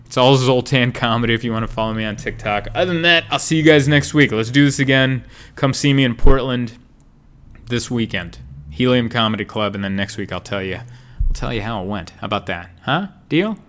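A young man hosting his own comedy podcast, talking casually in a rambling, jokey way with sarcastic asides and big swings in pitch and loudness. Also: a little fast, smooth. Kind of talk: casual solo podcast monologue.

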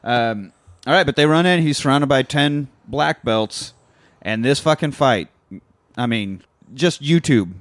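A man casually retelling a movie plot on a podcast, swearing often and animated. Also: mid-range voice, measured pace, dry recording. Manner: profane, animated retelling with acted quotes. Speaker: podcast co-host. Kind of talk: casual movie recap chat.

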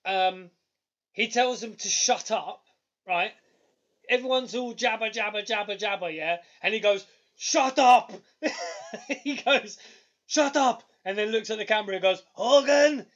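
Excitable high-voiced man. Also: normal speed, highs cut off. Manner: excitable, animated storytelling with loud bursts. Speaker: podcast co-host. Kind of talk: casual chat.

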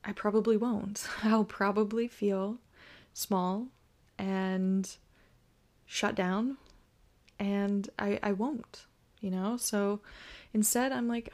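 A woman's voice: medium pitch, steady tone, slow pace, a little mellow. A pregnant woman hosting a podcast, telling a personal story in an emotional, reflective way with many fillers. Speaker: podcast host.

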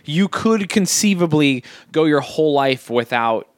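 A young man in casual chat, telling stories in an animated, swearing, jokey way. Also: a little high, measured pace, no echo, studio quality.

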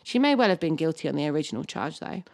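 A woman's voice: low voice, big pitch swings, quick pace, vocal fry, a little mellow, no room sound. A woman co-hosting a podcast, reading a historical story from a script and stopping to banter and laugh over place names. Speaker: podcast co-host.

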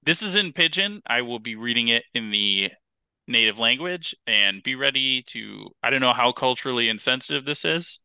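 Bright, crisp-voiced male podcast host. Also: mid-range voice, moderate pace, no echo. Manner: animated storyteller, lots of "like" fillers. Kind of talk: casual chat.

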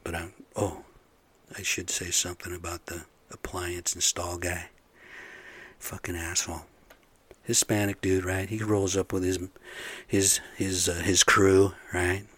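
A man's voice: sits low, fairly bright tone, breathy edge. Profane, blunt construction foreman venting. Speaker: construction site supervisor. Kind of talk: casual rant to camera.

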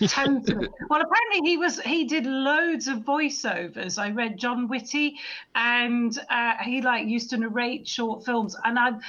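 Bright higher-voiced woman chatting films. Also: unhurried, lo-fi sound. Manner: lively, chatty, agreeable. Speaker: podcast co-host. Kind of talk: casual film discussion.

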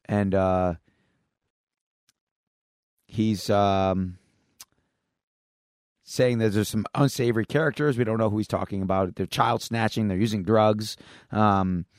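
A low-leaning male voice moves slowly and pauses often, captured in clean studio sound with no echo. He's a podcast co-host loosely recounting a comic plot, a rambling storyteller who keeps restarting and using fillers.

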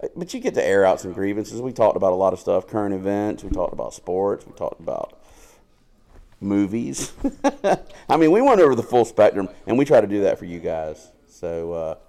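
Low-voiced man joking on a podcast. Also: sing-song, normal speed, vocal fry, warm tone. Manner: joking, crude, laughs often. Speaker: podcast co-host. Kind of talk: casual podcast banter.

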